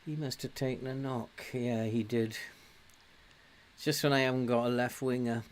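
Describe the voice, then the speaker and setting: An Englishman talks over his own gameplay in a relaxed, grumbling way. He mocks himself and tells off the players on screen. His commentary is casual and unscripted. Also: mid-range voice, moderate pace. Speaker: gaming commentator. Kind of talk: casual let's-play commentary.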